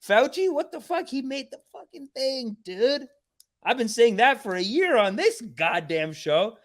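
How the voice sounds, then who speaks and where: Comedian host from canada, swoopy expressive voice, sweary laughing rant on stream. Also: male voice, very high voice, measured pace. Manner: animated, profane, laughing rant. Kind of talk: livestream reaction commentary.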